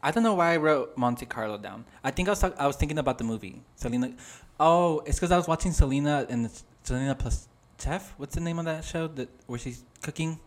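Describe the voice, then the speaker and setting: A man's voice: a little high, lively intonation, brisk, hardly any pauses. A man co-hosting a casual podcast over video chat, telling rambling stories and swearing freely. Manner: swears a lot, rambling storytelling. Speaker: podcast co-host. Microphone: video call.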